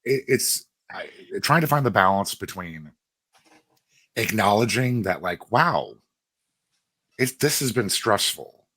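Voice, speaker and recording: Deep husky man, blunt and jokey. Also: sing-song, slow pace, long pauses, bright, forceful tone, dry recording. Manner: blunt, swears freely, jokey. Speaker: podcast co-host. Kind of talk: casual chat.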